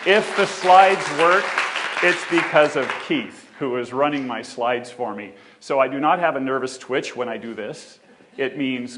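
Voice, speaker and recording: A man's voice: mid-range voice, measured pace, some chatter behind. A man giving a conference talk on a theater stage, joking with the audience and walking as he speaks. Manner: joking, animated, walks while speaking.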